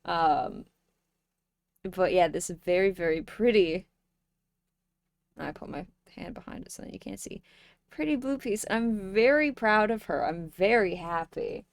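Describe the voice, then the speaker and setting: A young woman streamer chatting casually with her viewers, playful and joking, with sudden loud bursts. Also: fairly low pitch, animated, measured pace, gravelly, pauses often, no room sound. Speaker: live streamer.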